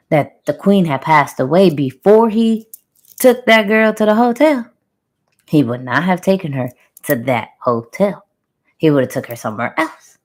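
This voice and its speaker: A woman with a fairly low voice tells a channeled story to her viewers in loose, chatty talk. She keeps it conversational and playful, with sound-effect words tossed in along the way. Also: darkish tone. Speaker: spiritual reader telling a channeled story.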